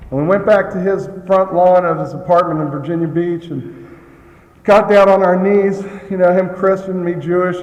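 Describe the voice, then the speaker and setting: A man's voice: on the high side, a little mellow, highs cut off. Chuckling man in an echoey hall. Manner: chuckles often, jokey and candid. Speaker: speaker sharing a recovery story. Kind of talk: humorous storytelling talk. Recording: echoey hall with long reverb.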